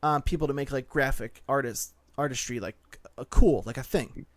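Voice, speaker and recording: A man's voice: mid-range voice, normal speed, a crowd in the background. A man co-hosting a casual podcast, running through news in a loose, joking way. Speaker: co-host.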